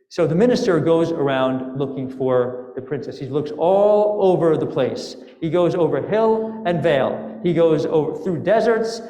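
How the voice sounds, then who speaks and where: A man with a somewhat high voice delivers a sermon as a fairy tale, full of playful asides and questions to his listeners. He speaks in a synagogue sanctuary, and his voice rings out with a long, roomy reverb. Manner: lively, playful storyteller with asides to the congregation. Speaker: rabbi. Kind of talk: sermon storytelling.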